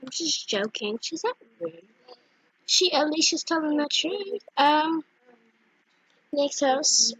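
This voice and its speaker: A young female gaming vlogger chatting casually and giggly over her gameplay, with squealing excited asides. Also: sits high, slow, pauses often, no room sound, rough recording. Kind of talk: casual game commentary.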